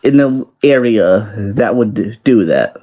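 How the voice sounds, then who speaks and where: Animated man playing a tabletop game. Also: lowish voice, slow pace, slightly rough. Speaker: player. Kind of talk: casual tabletop play. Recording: muffled lo-fi recording.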